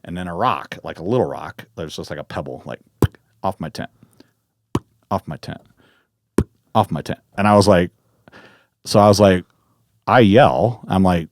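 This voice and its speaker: A man's voice: fairly low pitch, unhurried, pauses often, dry recording, clean studio sound. A man from Northern California, a podcast guest, telling a story in casual conversation with lots of swearing and restarts. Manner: animated, profane, full of restarts.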